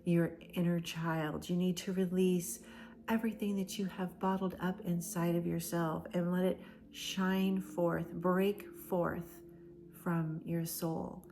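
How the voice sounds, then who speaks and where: A woman giving a channeled oracle card reading, speaking in slow, emphatic, repeated phrases that often sink into soft, breathy near-whispers. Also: fairly low pitch, slight background noise. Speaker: spiritual oracle card reader.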